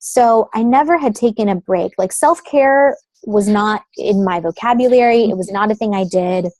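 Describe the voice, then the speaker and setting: A chatty woman in her thirties tells her story as an interview guest, her voice mellow and warm. She leans on "like" and "um" as she talks over a phone call, and the sound is dry and close, with no room around it. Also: mid-range voice, normal speed, no echo. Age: 30s. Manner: chatty, uses many fillers like "like" and "um". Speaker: guest, creative consultant.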